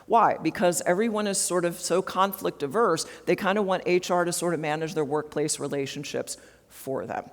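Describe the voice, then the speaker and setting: A woman's voice: lowish voice, moderate pace. A woman giving an interactive HR training talk at a conference, often checking in with the audience with tag questions. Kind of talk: interactive workshop presentation. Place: large conference hall. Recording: long hall reverb.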